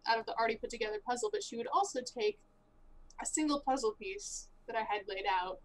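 Brief: woman player, somewhat high voice, easygoing chatter at the game table. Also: expressive, quick pace, slight background noise. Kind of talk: casual chat during a tabletop game.

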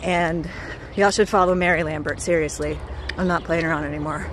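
A woman's voice: sits low, steady tone, a little fast, slight background noise. A woman vlogging as she walks outdoors, gushing and enthusiastic, laughing often and a bit out of breath. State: out of breath while walking. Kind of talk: casual vlog talk to camera. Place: outdoors on a walk.

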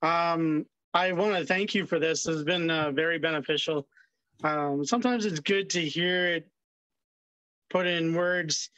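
A man joins a webinar by video call, speaking politely and hesitantly with many pauses and fillers. His voice is fairly high and sounds dry and close. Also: a bit bright, dry recording, poor audio. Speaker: webinar participant.

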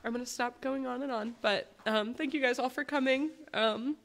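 A woman's voice: sits high, creaky, background noise. Woman giving a heartfelt memorial tribute. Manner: heartfelt, halting personal storytelling. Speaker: granddaughter giving a eulogy.

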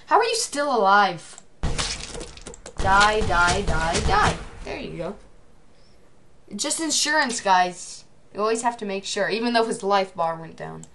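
Excitable teen girl narrating gameplay. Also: medium pitch, unhurried, pauses often, slight background noise. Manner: excitable, shouts at the game. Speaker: gameplay commentator. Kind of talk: casual gameplay commentary.

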